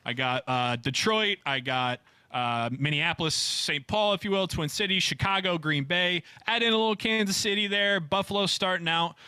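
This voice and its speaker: A man's voice: high-pitched, moderate pace, few pauses, bright, forceful tone, smooth, dry recording. A man, a comedian guest, chatting casually in a rambling way, repeating words as he goes. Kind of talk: casual interview chat.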